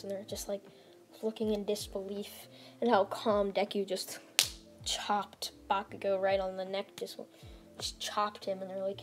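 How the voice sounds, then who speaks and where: A woman's voice: mid-range voice, completely flat delivery, measured pace, faint music behind. A woman casually retelling a fan-made story, rambling with lots of "like" and restarts.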